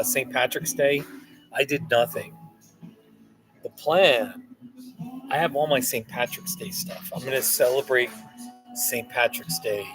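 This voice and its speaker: Livestreaming casually from indoors at a Starbucks, a man talks in a medium-pitched voice, rambling and reading out replies to viewer comments. The recording is rough, and cafe music plays behind him.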